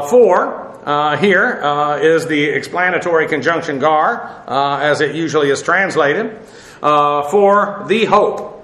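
A man teaching a Bible passage verse by verse, halting with many fillers and spelling out Greek words letter by letter. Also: a little high, a bit bright, roomy sound, poor audio.

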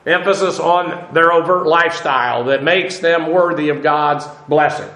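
A man gives a Bible study lecture in a noticeably high voice. He talks unhurriedly, dotting his points with "uh" and rhetorical questions. The recording carries a roomy echo. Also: steady tone, moderate pace, sharp tone. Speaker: Bible teacher.

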